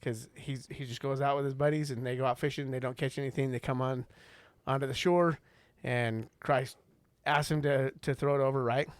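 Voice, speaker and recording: A man co-hosting a faith podcast, telling a story in an earnest, animated way. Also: mid-range voice, moderate pace, hardly any pauses, no room sound. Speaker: podcast co-host. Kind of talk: casual faith podcast conversation.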